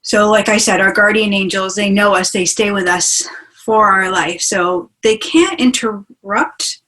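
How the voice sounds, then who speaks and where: A woman's voice: medium pitch, unhurried, pushed and bright, low-quality recording. Chatty woman teaching on a video call. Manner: chatty and enthusiastic, asks listeners along. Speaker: spiritual teacher hosting a webinar. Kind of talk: casual teaching talk.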